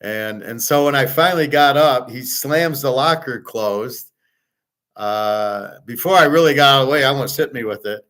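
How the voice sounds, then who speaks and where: A man's voice: medium pitch, normal speed, fairly bright tone. A man hosting his show, telling a rambling story in a blunt, profane, casual way, with frequent restarts. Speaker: show host.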